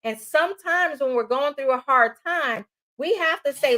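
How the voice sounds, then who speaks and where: A woman from New York with a New York accent, co-hosting a faith-based relationship talk in a loud, passionate, preacherly way. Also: high voice, moderate pace. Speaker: co-host.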